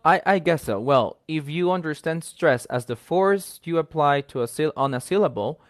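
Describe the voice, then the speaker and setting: A man's voice: a little high, lively intonation, normal speed, no echo. Male teacher, dry sound. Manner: patient, explains step by step with examples. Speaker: English teacher guest. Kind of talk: casual explanatory chat.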